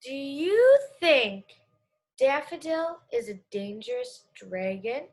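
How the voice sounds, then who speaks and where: A young woman teacher giving an online reading lesson to young children, speaking clearly and encouragingly. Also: high-pitched, sing-song, darkish tone. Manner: slow, clear and encouraging, talks to kids.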